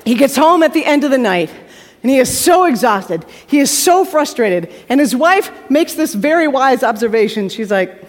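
A woman's voice: high-pitched, sing-song, normal speed. Woman preacher telling a story in a hall. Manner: acts out the characters with shifting voices, drops to hushed tones. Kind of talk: dramatic sermon storytelling. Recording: hall reverb from a live talk.

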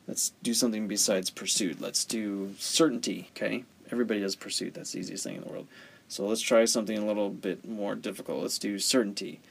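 A man teaching story structure in a conversational way, often asking rhetorical questions. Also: medium pitch. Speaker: writing teacher. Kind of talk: explaining story theory.

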